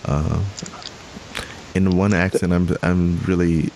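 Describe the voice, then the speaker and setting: In a low, flat, slightly mellow voice, a young man speaks slowly as co-host of a casual podcast. He wanders off track, starts over, corrects himself and laughs frequently, and a faint hiss runs through the recording.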